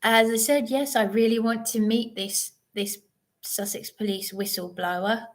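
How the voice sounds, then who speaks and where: A woman's voice: a little high, fairly even intonation, measured pace. A woman talks unhurriedly through a livestream monologue. She rambles and digresses, often restarting her sentences. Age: 30s. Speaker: livestream host.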